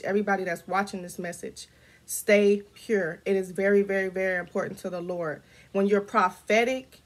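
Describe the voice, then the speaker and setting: A woman ministering prophetically straight to camera, talking casually and then rising into fervent declarations and prayer, often repeating her words. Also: medium pitch. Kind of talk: informal prophetic preaching to camera.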